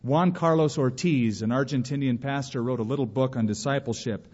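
A male pastor preaching a sermon, animated, acting out quotes with sudden bursts of energy. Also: medium pitch, a little fast. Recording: muffled recording in a reverberant hall.

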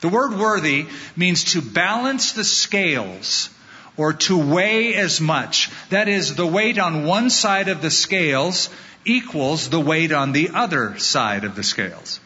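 Middle-aged American male pastor, forceful bright tone, slightly muffled recording, measured emphatic sermon delivery. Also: a little high, very animated. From California, United States. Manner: measured, emphatic preaching with anecdotes.

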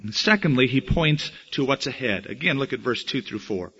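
A man preaching a sermon in an emphatic, animated way, slowing and speeding up for effect, on a dull lo-fi recording. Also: medium pitch, slightly rough. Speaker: pastor.

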